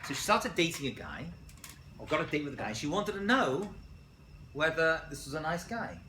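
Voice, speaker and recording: Lively male rabbi lecturer, bright voice, echoey college room, jokes with the class. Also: on the high side, brisk, slight background noise. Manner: jokey, asks the class questions. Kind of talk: animated lecture with stories.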